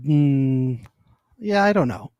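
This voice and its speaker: A man's voice: medium pitch, expressive, slow pace, a little mellow, dry recording, lo-fi sound. Dry-voiced young man teasing on a podcast. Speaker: podcast co-host. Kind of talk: casual recap chat.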